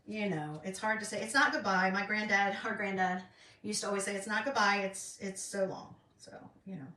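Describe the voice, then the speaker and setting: Bright-voiced woman crafting. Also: mid-range voice. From North Carolina, US. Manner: rambling and chatty, many ums. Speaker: craft vlogger. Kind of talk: casual chat while crafting. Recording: roomy, distant, faint noise.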